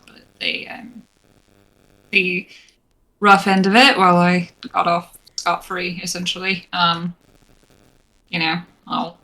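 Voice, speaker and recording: A woman player speaking in character in a tabletop game, quiet and hesitant, trailing off. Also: fairly low pitch, creaky, poor audio. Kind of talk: tabletop role-play in character.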